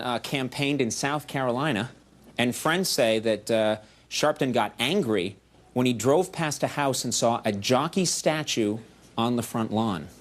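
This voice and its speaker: A man in his forties hosting a late-night show, delivering a quick, self-mocking comedy monologue with shouty outbursts on a studio stage. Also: medium pitch, slight background noise. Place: television studio stage before live audience. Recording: VHS archive broadcast with loud audience.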